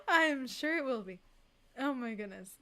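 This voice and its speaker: A woman streamer chatting casually on a livestream and reading from the chat, emphatic and expressive, laughing often. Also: high voice.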